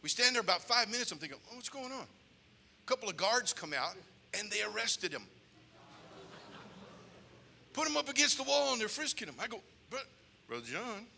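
Male pastor, storytelling sermon; bright, piercing tone, long church reverb. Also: high voice, fast, creaky, slight background noise. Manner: animated, acts out voices and shouts.

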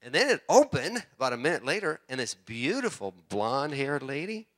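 Male pastor, bright clear voice, animated sermon storyteller. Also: medium pitch, brisk. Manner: animated storytelling, rising excitement.

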